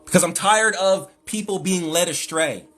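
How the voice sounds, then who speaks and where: A man's voice: sits high, normal speed, a bit bright, soft background music. A man hosting a live stream, lecturing emphatically and with exasperation as he answers chat.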